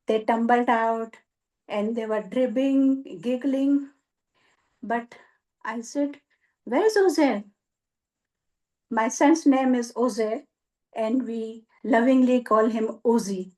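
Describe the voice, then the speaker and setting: A woman's voice: a little high, steady tone, takes it slowly. A woman giving a storytelling speech at a speaking club, dramatic and acting out the voices in her story. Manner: dramatic, acts out voices with cries and shouts.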